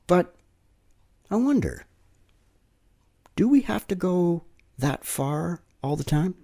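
A man's voice: sits high, big pitch swings, slow pace, gravelly, dark tone. A man preaching a sermon, telling stories conversationally and checking in with "right?" tag questions.

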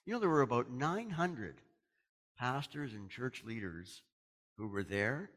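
Lively, chatty middle-aged pastor. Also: male voice, mid-range voice, unhurried. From Canada. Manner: chatty, folksy, with chuckles and restarts. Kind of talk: casual sermon announcements and storytelling.

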